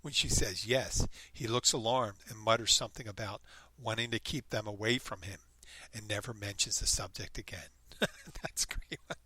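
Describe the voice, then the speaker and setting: A solo podcast host with a fairly low, bright, clear voice reads a story aloud at a moderate pace, using animated, mocking voices for the quotes. The sound is close and dry, without room echo.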